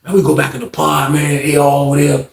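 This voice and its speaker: A man's voice: fairly high pitch, monotone, quick pace, creaky. A man casually telling a storytime tale in slang, animating it with acted-out dialogue. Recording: roomy echo.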